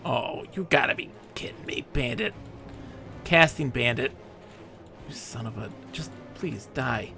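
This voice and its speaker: A man's voice: medium pitch, unhurried, gravelly, pushed and bright, faint music behind. A man streaming a game live, chatting and joking in character with playful, mock-dramatic rants.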